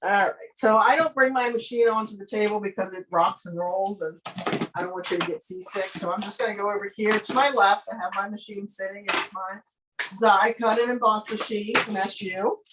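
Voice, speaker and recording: A woman's voice: medium pitch, steady tone, brisk, background noise. Chatty woman demonstrating a craft project. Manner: chatty, friendly asides, thinks aloud while working. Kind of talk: casual tutorial demonstration. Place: home craft studio.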